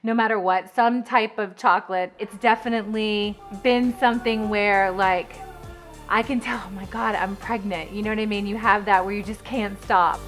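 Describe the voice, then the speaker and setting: A pregnant woman vlogging to camera in a chatty, fast, filler-heavy way, a little out of breath. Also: mid-range voice, fairly even intonation, fairly bright tone, soft background music. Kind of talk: casual chat to camera.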